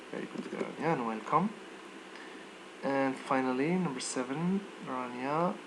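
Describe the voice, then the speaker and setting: A man's voice: mid-range voice, noisy background. A man teaching a live online English lesson, checking students' answers by name and modeling pronunciation.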